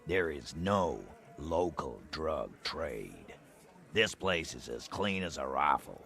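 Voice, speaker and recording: An actor playing a gruff, scornful man who curtly denies everything, in a video game. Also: extremely low pitch, sing-song, takes it slowly, a bit bright, faint music behind, heavily acted. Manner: curt, scornful. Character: gruff hostile man denying a drug trade.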